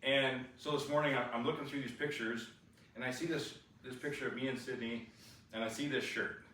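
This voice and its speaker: A man sharing a personal testimony, animated and restless, full of fillers and restarts. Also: medium pitch, fairly quick. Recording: echoey room, far from the mic, faint noise.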